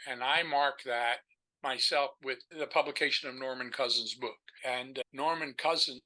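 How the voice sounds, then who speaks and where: An older man, a podcast guest, telling stories in an animated, rambling way, with many restarts. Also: medium pitch, moderate pace, rough recording. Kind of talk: storytelling in a casual chat.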